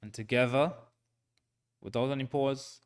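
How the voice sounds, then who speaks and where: A man teaching a recorded Quran reading lesson, patient and checking in often, sounding out syllables slowly and repeating them. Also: medium pitch, fairly even intonation, clear, resonant tone. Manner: slow, patient, frequent "right?" check-ins.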